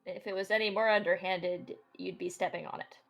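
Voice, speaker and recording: A woman's voice: on the low side, fairly even intonation, a little fast, creaky, background noise. Wry woman player in a tabletop game. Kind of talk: in-character tabletop play.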